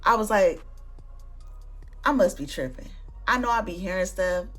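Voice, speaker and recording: A young woman hosts her own channel and spins a story in loose, slangy everyday talk. Her voice sits in a plain middle register. Faint music plays quietly underneath. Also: mid-range voice, normal speed. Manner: animated, slangy, conversational storytelling. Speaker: booktuber vlog host. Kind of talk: casual storytime chat.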